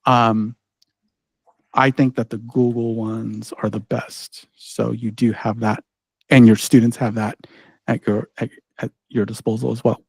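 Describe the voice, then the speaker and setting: A man leads an online teaching workshop in a loose, chatty way, peppering his talk with "like" and "right?" and restarting sentences as he clicks through a demo. His voice sits at an ordinary middle pitch. It is picked up dry and close on a computer mic, with no room sound. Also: flat delivery, unhurried, gravelly, breathy edge, no room sound. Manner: casual, chatty, full of "like" and "right?", frequent restarts. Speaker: ed-tech trainer presenting a workshop.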